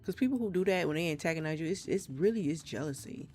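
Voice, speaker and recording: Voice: medium pitch, animated, fast, a little mellow, faint music behind. A streamer chatting casually during a live gameplay session, with a slight Trinidadian accent, rambling frankly and swearing freely with many restarts. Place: home, South Florida.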